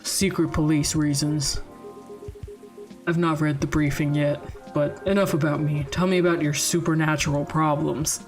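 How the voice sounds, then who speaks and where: A woman voicing a gruff male detective in a visual novel game, in a flat, serious, clipped delivery. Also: low-pitched, moderate pace, faint music behind, voice pushed down. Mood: deadpan.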